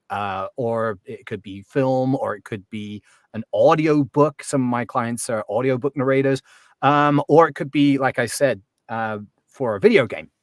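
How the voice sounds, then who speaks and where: A man's voice: mid-range voice, dry recording, studio quality. A man talking casually as an accent coach in an interview, chatty and full of ums and restarts.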